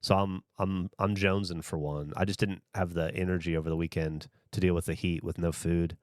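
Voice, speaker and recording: Deep and brisk with little pitch movement, this man's voice comes through clean studio audio with no room sound. A livestream host from the Southern U.S. with no regional accent left, he chats loosely, rambles, and swears as he answers comments.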